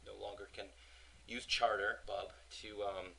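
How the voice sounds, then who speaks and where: A man's voice: on the low side, flat delivery, measured pace, gravelly, bright, forceful tone, poor audio. A man co-hosting a podcast in casual chat, making wry quips and asking short questions. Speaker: podcast co-host.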